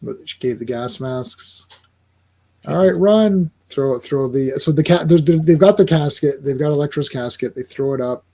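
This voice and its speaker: A man's voice: mid-range voice, moderate pace, dark tone. A man hosting a casual comic book podcast, rambling and laughing easily as he walks through the story. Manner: laid-back, rambling, laughs often. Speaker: podcast host.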